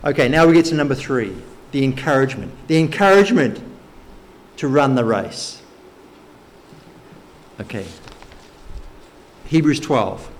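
A man preaching a sermon, teaching slowly and emphatically through Bible verses. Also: mid-range voice, expressive. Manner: slow, emphatic Bible teaching with occasional light laughs.

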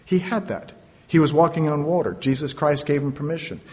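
A man's voice: a little high, brisk, dark tone. A man preaching a sermon, retelling a story dramatically with playful asides. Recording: long reverb of a large hall.

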